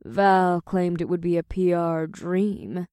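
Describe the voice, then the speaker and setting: A man voicing a poised female succubus who runs a club, speaking in a languid, measured, affectionate way. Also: high voice, darkish tone, clear, resonant tone, no room sound, studio quality, voice pushed up. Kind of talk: audiobook character voice.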